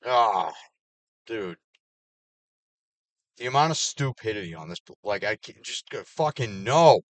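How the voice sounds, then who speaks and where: A vlogger with a fairly low voice delivers an angry, heavily profane personal rant to camera, unhurried but bitter. He swings between loud, raised outbursts and flat, low muttered asides. The audio is close and dry, with no echo or room around it.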